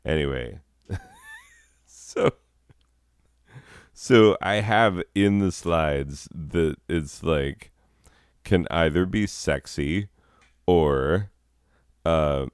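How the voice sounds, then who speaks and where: Dude hosting with a super deep voice, dry close mic, wry and mocking himself. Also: male voice, drawn-out words, pauses often, smooth, no room sound. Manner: sardonic, self-deprecating, chuckling. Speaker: host, drama teacher. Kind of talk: comedic hosting with asides.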